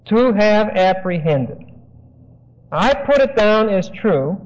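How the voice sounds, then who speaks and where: A man's voice: high voice, darkish tone. A man preaching an expository Bible lesson, explaining words and giving phrases for his listeners to write down. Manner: explanatory, dictates phrases for notes. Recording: dull lo-fi sermon recording.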